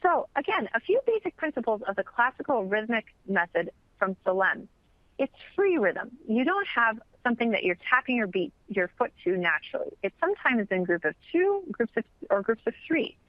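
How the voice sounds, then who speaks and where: A woman teaching chant in an instructional webinar, explaining patiently and clearly. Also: on the high side, very animated, normal speed, no room sound, lo-fi sound. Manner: clear, patient explaining, sings brief examples.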